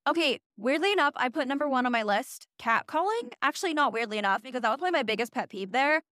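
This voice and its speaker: A woman's voice: high voice, animated, fast, sharp tone, no room sound, clean studio sound. A young woman from Utah chatting casually to camera, sarcastic and full of "like" asides and swearing. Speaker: vlogger. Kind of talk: casual chat.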